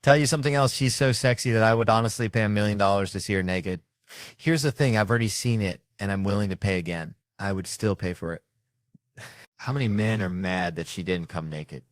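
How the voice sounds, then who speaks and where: A man telling stories in a stand-up set, animated and breaking into loud shouted impressions. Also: lowish voice, a little fast, no echo, clean studio sound. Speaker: comedian. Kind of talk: stand-up storytelling. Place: stage before a live audience.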